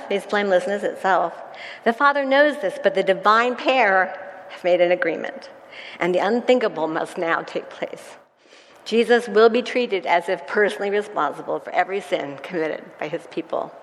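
A woman leading a Bible study, earnestly reading a devotional passage aloud to her group. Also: mid-range voice. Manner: earnest, grows emotional while reading. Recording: echoey hall.

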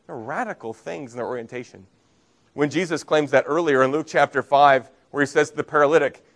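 A man's voice: fairly high pitch, fairly quick. Earnest male pastor preaching a sermon. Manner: earnest preaching, rising emphasis and soft drops.

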